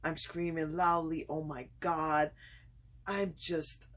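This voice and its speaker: A woman recording a casual home vlog in an unhurried, drawn-out way, with a husky, breathy edge to her voice. She pauses often and fills gaps with fillers before bursting into excited storytelling. Her throat sounds a touch itchy from earlier screaming. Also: deep voice. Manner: hesitant, many pauses and fillers, turns excited and laughing when telling the story. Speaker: vlogger.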